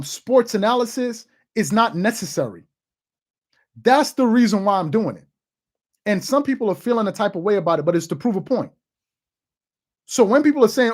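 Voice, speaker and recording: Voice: mid-range voice, very animated, moderate pace, darkish tone. A person in their thirties hosting a sports channel, giving emphatic opinion commentary and repeating points for emphasis. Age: 30s. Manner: emphatic and repetitive, hammering points home.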